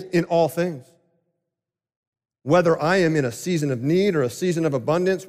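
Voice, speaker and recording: A male pastor delivering a sermon, emphatic and swinging between loud and quiet passages. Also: sits high. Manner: emphatic, rising and falling delivery. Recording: long hall reverb.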